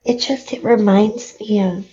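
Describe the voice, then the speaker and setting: A woman's voice: mid-range voice, fairly even intonation, a little slow, warm tone. A woman playing in a tabletop game who speaks hesitantly, searching for her words, heard over lo-fi call audio. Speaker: player. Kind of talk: casual tabletop play.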